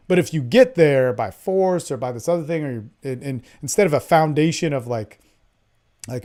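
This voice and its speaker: A man coaching other men in a casual unscripted monologue, blunt and profane, swinging from loud emphasis to low, intimate tones. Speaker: men's dating coach.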